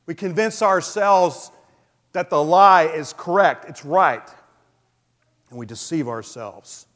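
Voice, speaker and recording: A male pastor preaching a sermon in a relaxed, conversational way, with frequent fillers. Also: fairly high pitch, takes it slowly. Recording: long hall reverb.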